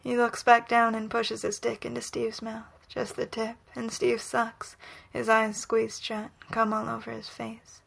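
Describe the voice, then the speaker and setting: Slow, husky woman's whispered reading. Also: fairly high pitch, completely flat delivery, fairly bright tone. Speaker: reader. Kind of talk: whispered erotic story reading.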